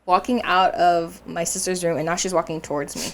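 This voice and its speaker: A young woman's lowish, gravelly voice moves a little fast as she co-hosts a podcast and tells a dream story in casual chat. She narrates with animation, acts out the voices of the dream's characters, and laughs often.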